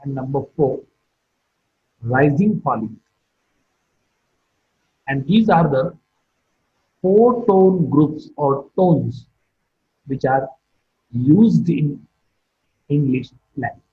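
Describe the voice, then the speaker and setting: A middle-aged man giving a recorded phonetics lecture, speaking in a slow, deliberate teaching manner and carefully modeling example sentences. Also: fairly high pitch, expressive, husky, narrow, tinny audio. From India.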